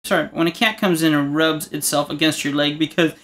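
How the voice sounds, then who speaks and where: A man's voice: a little high, steady tone, brisk, fairly bright tone. A man hosting an art tutorial, talking casually and cracking rambling jokes while he draws. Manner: joking, rambling asides. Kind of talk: casual narration while drawing.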